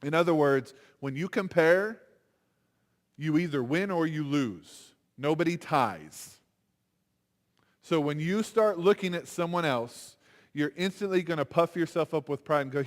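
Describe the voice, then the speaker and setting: Animated man preaching in a reverberant chapel. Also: on the high side, unhurried. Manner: animated, conversational preaching with acted-out quotes. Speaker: chapel speaker. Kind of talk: sermon. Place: university chapel. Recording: long hall reverb.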